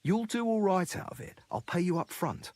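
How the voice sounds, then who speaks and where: A man's voice: high-pitched, lively intonation, normal speed, darkish tone, dry recording. An actor playing a scheming male horse dealer in a video game, with a wheedling, conspiratorial way of selling his deals. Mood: sly. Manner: wheedling, conspiratorial sales talk.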